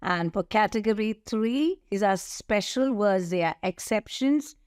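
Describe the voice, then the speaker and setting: A middle-aged woman teaching an English grammar lesson, slowly listing words and spelling out letters. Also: mid-range voice, lively intonation, darkish tone, clean tone, no echo, studio quality. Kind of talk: slow, deliberate grammar lesson.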